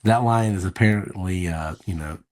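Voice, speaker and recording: A man's voice: low-pitched, moderate pace. A man co-hosting a podcast, chatting loosely about a movie in a laid-back, rambling way with casual swearing. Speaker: podcast co-host. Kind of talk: casual movie review chat.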